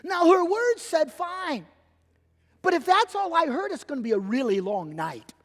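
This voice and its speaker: A middle-aged man preaching a sermon as pastor, emphatic and animated, acting out little quotes as he goes. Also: very high-pitched, a little slow. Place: church sanctuary. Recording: long church hall reverb.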